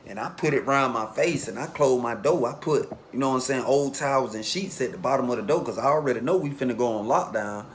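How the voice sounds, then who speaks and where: A man casually telling a long story in a relaxed street way, acting out the voices of the people in it. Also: medium pitch, fast, hardly any pauses, slight background noise. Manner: laid-back street storytelling, acts out quotes.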